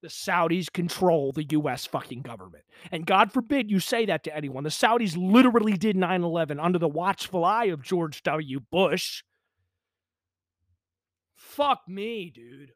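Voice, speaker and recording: A young man rants on his own podcast, agitated and profane, swearing through every sentence. His voice sits high, and the recording is dry and close with no room sound. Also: expressive, normal speed, dry recording. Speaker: podcast host. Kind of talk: ranting solo podcast. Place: pump house in the countryside.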